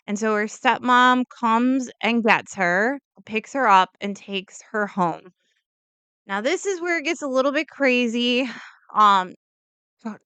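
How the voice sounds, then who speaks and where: A woman's voice: medium pitch, pushed and bright, clear, resonant tone, dry recording. A woman casually telling a true crime story as a vlogger, rambling with lots of "like" and opinionated asides and disclaimers. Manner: rambling, heavy use of "like", self-interrupting asides.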